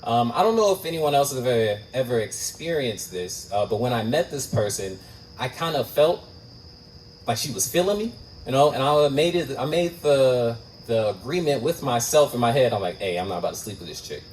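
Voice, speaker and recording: A man's voice: animated, moderate pace, far from the mic, a little hiss or hum, poor audio. Self-mocking man telling a stand-up story. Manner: conversational, self-mocking, swings into loud high exclamations. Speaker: stand-up comedian. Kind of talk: stand-up storytelling at an open mic. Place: open mic night venue.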